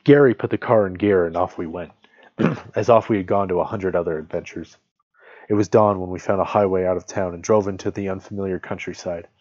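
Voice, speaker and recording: A man reading a nonfiction essay aloud in a steady, measured way, now and then correcting a slip. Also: sits low, no echo. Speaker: reader of literature. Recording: dull lo-fi, dry close sound.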